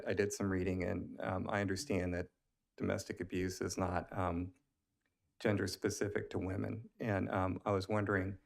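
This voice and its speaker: A man serving as a planning commissioner, asking a question at a public meeting in a hesitant way, full of pauses and restarts. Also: deep voice, vocal fry. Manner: hesitant, many ums and restarts.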